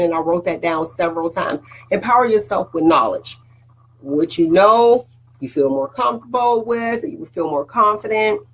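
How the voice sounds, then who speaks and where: A woman's voice: mid-range voice, slightly rough, poor audio. A woman hosting a casual motivational talk to her viewers, preachy and conversational, often checking in with "all right?". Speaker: host.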